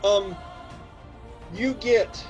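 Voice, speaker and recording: A high-voiced game master narrates a tabletop game, animated as he counts out ranges and tosses quick asides to his players. Faint music plays beneath him, and the sound is lo-fi.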